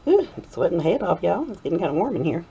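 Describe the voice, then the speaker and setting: A woman's voice: lowish voice, quick pace, creaky, muffled recording, slight background noise. A middle-aged woman hosting a soap-making video, chatting and giggling through rambling asides, sometimes slipping into a playful Southern drawl. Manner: drifts into a playful Southern drawl when excited. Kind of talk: casual chat while crafting. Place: home workshop.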